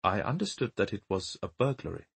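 A man voicing a measured, courteous gentleman. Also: fairly low pitch, sing-song, vocal fry, husky, full character voice. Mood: guarded. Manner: measured, formal, polite. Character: courteous, carefully measured male mourner.

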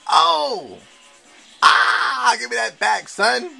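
A young man giving live gameplay commentary, trash-talking his opponents with slang and an excitable manner. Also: very high-pitched, very slow, gravelly, faint music behind. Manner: excitable trash talk with slang, shouts and laughs. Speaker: gamer playing online.

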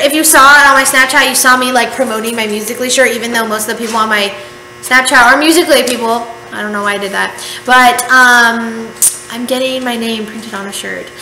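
A woman's voice: fairly high pitch, bright, forceful tone. A young woman vlogging casually late at night, tired and rambling, cutting herself off and restarting as she chats to the camera at home. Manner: rambling, self-interrupting, tired and chatty. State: sleepy. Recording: echoey room with faint hum.

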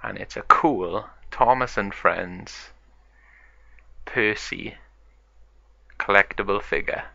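A man narrating a story acted out with toys, in a slow, gravelly way. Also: fairly low pitch, bright, forceful tone, no echo. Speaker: toy video narrator. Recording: dull lo-fi sound.

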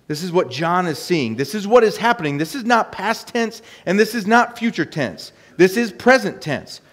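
A man's voice: sits high, big pitch swings, normal speed, a bit bright. A man preaching a sermon, earnestly reading scripture aloud between his own remarks. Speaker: pastor. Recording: long hall reverb.

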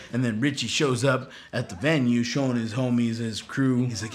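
A man's voice: mid-range voice, steady tone, moderate pace, few pauses. A man doing a crude, rambling, profane comic retelling of a film. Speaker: comedian.

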